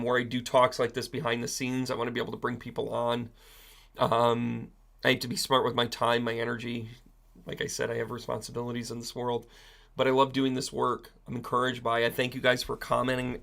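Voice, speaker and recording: A man's voice: mid-range voice, a bit bright. A man hosting a live stream as a psychic medium, talking casually to viewers in a blunt, profane, ranting way. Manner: blunt and profane, given to rants.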